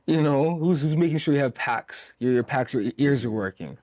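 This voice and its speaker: A man's voice: mid-range voice, brisk, darkish tone, no room sound. A man in his twenties from Zambia, a musician guest in a casual interview, talking emphatically with lots of repetition and "you know". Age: 20s. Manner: emphatic, repeats himself, many "you know"s.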